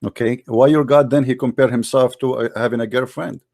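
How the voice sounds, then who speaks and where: A man's voice: mid-range voice, steady tone, fairly quick, vocal fry, darkish tone, no room sound, studio quality. A man hosting a heated religious debate, arguing insistently in broken English. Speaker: host debating a caller.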